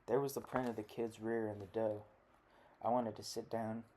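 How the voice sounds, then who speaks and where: Male narrator for literary fiction audiobook, deep, monotone, dark timbre. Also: moderate pace, a little hiss or hum.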